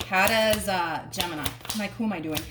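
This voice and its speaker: A woman's voice: medium pitch, a little fast, recorded from a distance, heavy background noise. A woman giving a casual tarot reading, talking chattily and repeating phrases for emphasis. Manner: chatty, repeats phrases, drops into hushed quotes. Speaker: tarot reader. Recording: echoey room, voice a bit off-mic.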